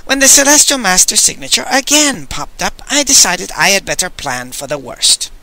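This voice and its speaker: A man voicing an old, sardonic male sage who talks in a dry, brisk, exasperated way, in an audiobook. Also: high voice, sing-song, pushed and bright, heavily acted, low-quality recording. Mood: explaining. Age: older.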